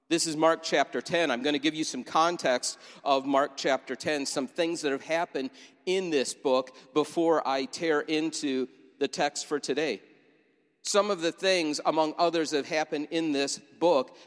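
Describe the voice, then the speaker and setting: Pastor preaching in a reverberant hall. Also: male voice, on the high side. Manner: vivid storytelling, inviting listeners to imagine. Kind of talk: sermon. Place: church sanctuary.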